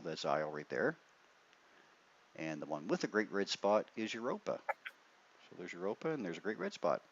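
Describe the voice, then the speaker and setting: A man's voice: low-pitched, normal speed, long pauses, dull audio. A man hosting an astronomy show, reading out viewer messages in casual chat with plenty of fillers. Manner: relaxed, reads messages aloud with fillers.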